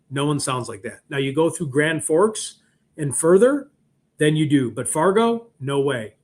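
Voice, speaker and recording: A middle-aged man with a Chicago accent, rambling and joking in a casual livestream chat as host. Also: fairly high pitch. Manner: rambling, animated, joking asides. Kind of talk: casual live-stream chat.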